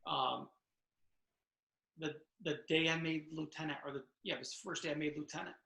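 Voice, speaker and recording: Middle-aged male ex-officer, raspy and bright, chatty storyteller, echoey video-call sound. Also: a little high, fairly even intonation, moderate pace. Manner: storytelling, acts out dialogue, many restarts. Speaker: author and retired correctional officer. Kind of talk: conversational interview answers. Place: home room over video call.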